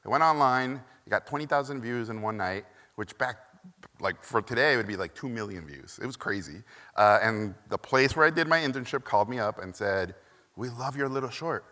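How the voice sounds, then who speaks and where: A man's voice: lowish voice, expressive, a little fast, sharp tone. A man from Mexico giving a conference keynote, telling stories animatedly with many "uh" fillers and acted-out quotes, in a large echoey hall. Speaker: keynote speaker. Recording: echoey hall from a stage mic.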